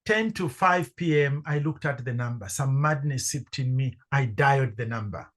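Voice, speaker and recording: A middle-aged man from Zambia, a podcast guest telling a personal story with lively acted-out dialogue. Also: medium pitch, moderate pace. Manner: animated storyteller acting out quoted voices. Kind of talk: storytelling in conversation.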